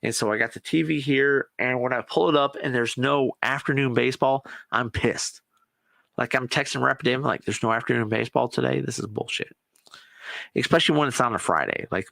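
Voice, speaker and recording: Excitable man in casual sports chat. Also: medium pitch, fairly quick, vocal fry, no echo. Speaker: podcast host.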